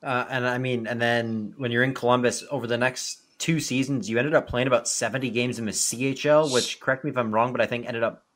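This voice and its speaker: A man hosting a podcast, asking relaxed questions with long lead-ins. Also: medium pitch, a little fast, hardly any pauses. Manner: relaxed, laughs along, asks long framing questions. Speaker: podcast host. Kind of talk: casual interview.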